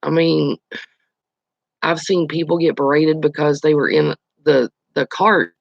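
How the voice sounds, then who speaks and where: A man with a slightly high, gravelly voice talks casually to viewers, telling stories and replying to comments as they come in. The sound is dull and dry, with no room around it. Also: fairly even intonation, unhurried, no room sound. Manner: chatty, storytelling, answers viewer comments. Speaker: channel host. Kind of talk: casual live-stream chat.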